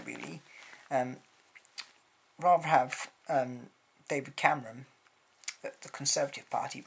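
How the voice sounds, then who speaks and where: A man's voice: medium pitch, creaky, breathy edge. A man from Britain, rambling through a casual opinion vlog with blunt words and lots of hesitations. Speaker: vlogger.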